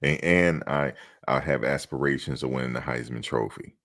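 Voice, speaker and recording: A man with an extremely low, gravelly voice hosts a loose sports talk show. He riffs and jokes, slipping into mock quotes as he talks. His delivery is casual and animated. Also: normal speed.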